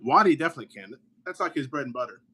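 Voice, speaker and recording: A man co-hosting a podcast, talking in quick, joking, sarcastic tangents. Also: mid-range voice, animated, bright, forceful tone, breathy edge. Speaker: podcast co-host. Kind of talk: casual chat.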